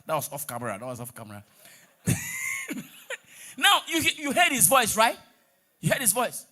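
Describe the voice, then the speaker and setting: Nigerian male stand-up, lively swooping delivery, teasing crowd work with pidgin asides. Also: high voice, moderate pace. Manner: teasing, mixes pidgin, breaks into song. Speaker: comedian on stage.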